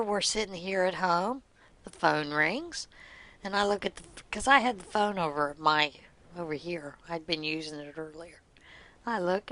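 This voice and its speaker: A woman's voice: on the low side, bright, forceful tone, no room sound. A middle-aged woman hosting a craft vlog, telling good-humored stories in a chatty way and laughing often. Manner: teasing, good-humored anecdotes. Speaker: knitting podcast host. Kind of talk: casual storytelling vlog.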